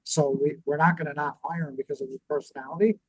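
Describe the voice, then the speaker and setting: A middle-aged man with a fairly high voice, recorded close and dry with no room sound. He teaches in a relaxed chat, telling stories from his own business and acting out each person's lines as he goes. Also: quick pace, dry recording, poor audio. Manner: storytelling, acts out quoted dialogue, repeats words when restarting. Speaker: podcast co-host and business owner.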